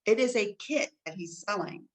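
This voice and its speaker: A woman co-hosting a casual chat show, telling stories in an animated way with big jumps in pitch. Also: moderate pace, low-quality recording. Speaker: co-host.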